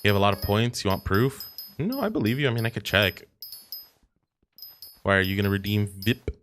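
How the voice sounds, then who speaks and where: A young man chatting on a casual livestream, swearing freely and bantering in an animated way. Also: fairly low pitch, a little fast, slight background noise. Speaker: streamer.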